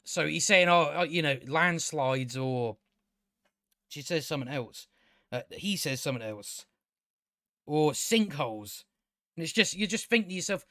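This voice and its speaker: Exasperated high-voiced man ranting. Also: expressive, unhurried, pauses often, sharp tone, no echo, clean studio sound. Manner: exasperated, incredulous, full of fillers and restarts. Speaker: TV show reviewer. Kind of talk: casual rambling review commentary.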